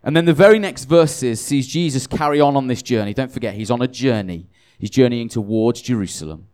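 A man's voice: mid-range voice, brisk, a little mellow, clean tone. A tired man preaching a conversational sermon, self-deprecating and chatty, often restarting his sentences.

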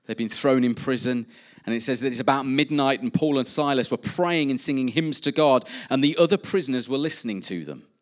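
A man's voice: mid-range voice, brisk. A man preaching a sermon, earnestly rising and dropping in emphasis. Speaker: pastor.

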